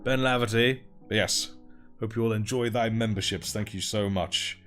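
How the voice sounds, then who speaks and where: A livestream host with a voice on the low side speaks at normal speed with a fairly bright tone, faint music behind him. He paints miniatures while chatting, reading and thanking chat, and laughing often.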